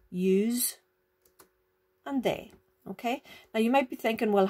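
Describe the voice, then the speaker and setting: Teacher, female, patient explainer who keeps asking "okay?", medium pitch. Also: mellow. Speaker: Irish language teacher. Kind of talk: recorded online grammar lesson.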